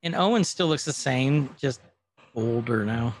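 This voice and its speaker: A man's voice: mid-range voice, expressive, measured pace. A man chatting casually as he recaps a show, acting out quotes of the dialogue.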